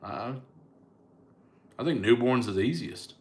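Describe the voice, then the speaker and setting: Answering comments on a live stream, a joking man from Alabama talks in a Southern accent at a measured pace. He is a comedian and online host with an expressive mid-range voice, and he keeps things laid-back and teasing.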